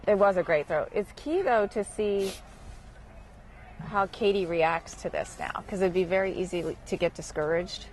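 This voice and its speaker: A woman doing animated, teasing color commentary on a local TV softball broadcast. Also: lowish voice, normal speed, slight background noise, low-quality recording. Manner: animated, teasing, laughs easily.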